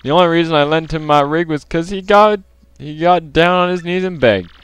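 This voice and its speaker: A cocky, boastful beetle , as a man puts him on, bragging in a slightly raised voice. The voice comes across smooth and clear. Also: on the high side, fairly quick, a bit bright, no echo, pitched above the performer's own voice, close to an everyday voice.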